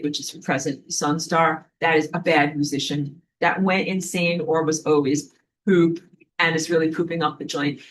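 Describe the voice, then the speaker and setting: A woman giving a casual spiritual lesson, chatty and loose, often acting out quoted voices in a higher pitch. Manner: animated, acts out quoted voices with rising pitch; loose and chatty, with fillers and restarts. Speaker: spiritual teacher. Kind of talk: casual spoken teaching.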